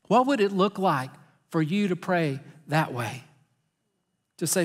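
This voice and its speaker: A middle-aged Texan man preaching from the pulpit in an earnest, conversational way. His voice sits high and sounds bright and forceful. A long reverb from the large sanctuary trails behind each phrase. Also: normal speed. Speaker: pastor. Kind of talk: sermon.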